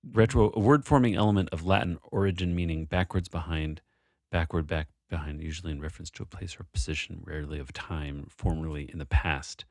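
A man's voice: sits low, fairly even intonation, brisk, a little mellow, no room sound, clean studio sound. A man co-hosting a casual chat about a word puzzle, thinking aloud and restarting his sentences often. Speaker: co-host solving a word puzzle.

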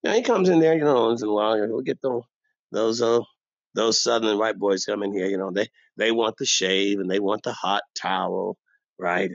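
An actor playing an older, bossy, old-school barbershop owner who rambles and boasts in street talk, delivered as a comic monologue. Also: male voice, on the low side, moderate pace, gravelly, no room sound. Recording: dull dry lo-fi recording.

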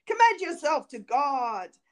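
A woman's voice: mid-range voice, lively intonation, unhurried, close to an everyday voice. A woman reading the lines of a cruel, cold nobleman husband in a stern, threatening voice. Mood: harsh.

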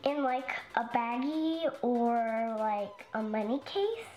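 A man's voice: very high-pitched, slow pace, darkish tone, dull audio, soft background music, pitched above the performer's own voice. A man voicing a naive little kid who gives hesitant, clueless money advice.

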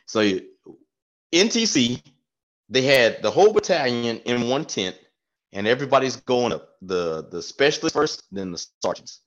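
A man telling an animated, profane army story with frequent laughs in casual podcast chat. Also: medium pitch, normal speed. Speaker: podcast co-host, former staff sergeant. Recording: dull lo-fi sound.

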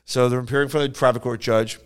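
Dude w/ a smooth clear voice telling stories, gets animated and goes high when he quotes folks. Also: quick pace. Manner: animated storyteller who jumps into high voices for quoted people. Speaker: podcast co-host. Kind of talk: casual storytelling chat.

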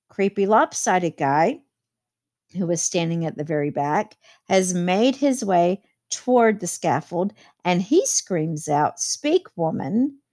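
A woman's voice: lowish voice, darkish tone. A woman teacher explaining a novel chapter to her students, reading quotes aloud and adding plain commentary.

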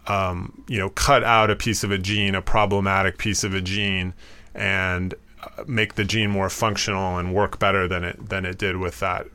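Guy explaining stuff, low flat voice, pauses and restarts a lot, bright crisp tone. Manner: thoughtful, halting, many fillers and restarts. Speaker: explainer, commentator. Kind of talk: explanatory commentary.

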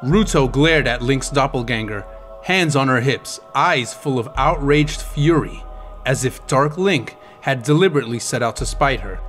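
A man's voice: mid-range voice, lively intonation, moderate pace, a bit bright, faint music behind. A man narrating an audiobook chapter with dramatic, intense storytelling.

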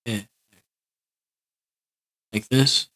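A man's voice: very slow, bright, forceful tone. A man giving casual gaming commentary, grumbling and complaining in an exasperated way. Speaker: gaming video creator.

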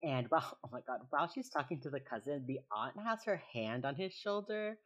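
A chatty podcast co-host walking through an episode scene by scene. The voice sits at a middling pitch. The talk is casual and full of asides. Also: lively intonation, a bit bright. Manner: chatty, quick asides, frequent "like" fillers. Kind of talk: casual episode recap chat.

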